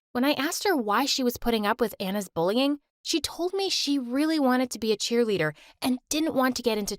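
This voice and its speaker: A young woman tells a first-person story with plenty of expression. Her voice is high and swings widely, recorded dry and up close. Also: dry recording. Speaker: narrator.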